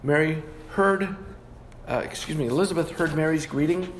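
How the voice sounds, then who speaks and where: A man preaching through a bible passage in a teaching sermon, his voice sitting a bit high for a man. He often stops to correct a word before going on. Faint noise sits behind him. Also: moderate pace. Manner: teaching through scripture with frequent self-corrections. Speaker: pastor.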